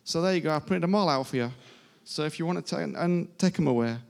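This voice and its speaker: A man's voice: on the high side, fast talker, vocal fry. A man preaching a sermon to a congregation in an informal, emphatic way, repeating his phrases. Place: church service before a congregation.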